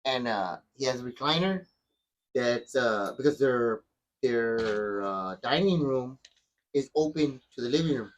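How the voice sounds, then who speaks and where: A middle-aged podcast host tells a story in casual chat, rambling and restarting many times. His mid-range voice has lively intonation and an unhurried pace. The recording is low quality.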